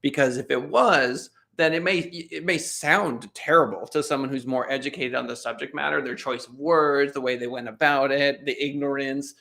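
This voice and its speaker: A man's voice: mid-range voice, steady tone, moderate pace, creaky, hardly any pauses, pushed and bright. A man hosting a casual interview, talking in a rambling storyteller way with many restarts and "right?" tags.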